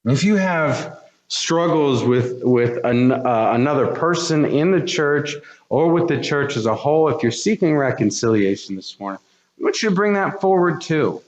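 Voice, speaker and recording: A man's voice: fairly high pitch, expressive, moderate pace. Earnest man preaching in an echoey church. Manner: earnest, repeats words, rising intensity. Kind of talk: sermon. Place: church sanctuary. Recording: echoey, dull church recording.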